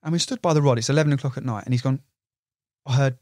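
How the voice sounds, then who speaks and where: Young angler, guest on a podcast, excitable and chatty, dry sound. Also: male voice, medium pitch, fast talker, dry recording. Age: young adult. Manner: excitable storyteller, swears, uses "you know" a lot. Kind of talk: casual chat.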